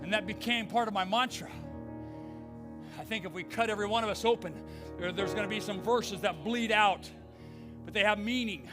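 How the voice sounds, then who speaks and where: Fervent high-voiced male preacher. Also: normal speed, long pauses, over loud music. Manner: swings from hushed to shouted, fervent preaching. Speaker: pastor. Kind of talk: Pentecostal sermon. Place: church sanctuary.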